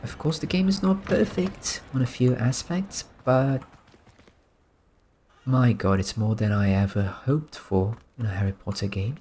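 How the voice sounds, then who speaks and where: Slow, soft-spoken man narrating gameplay. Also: medium pitch, a little hiss or hum. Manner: relaxed, musing, amused. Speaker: gaming streamer.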